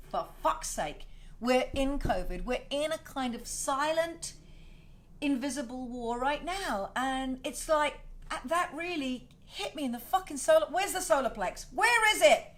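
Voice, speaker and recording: Middle-aged host, slightly high pitch, rambling, profane, openly emotional. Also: female voice, pushed and bright. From South Wales. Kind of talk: casual livestream rant.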